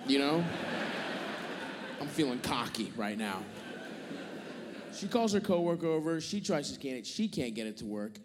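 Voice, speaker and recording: A man's voice: medium pitch, sing-song, moderate pace, long pauses. A male stand-up comedian telling a profane, exasperated story and acting out both sides of arguments on stage. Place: theater stage before a live audience. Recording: live stage recording with long hall reverb and audience noise.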